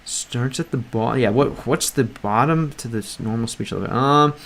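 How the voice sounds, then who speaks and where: A man's voice: mid-range voice, moderate pace, vocal fry, fairly bright tone. A man livestreaming as he studies a language, chatting casually, thinking aloud, reading the chat and often restarting his sentences. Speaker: language-learning streamer.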